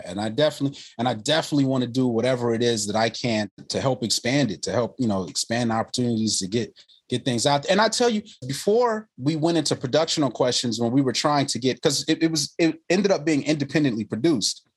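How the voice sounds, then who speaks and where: A man's voice: medium pitch, fast talker, slightly rough. A man, a filmmaker guest, telling stories in casual conversation and acting out the people in them. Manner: animated, quoting others in lively voices. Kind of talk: conversational storytelling.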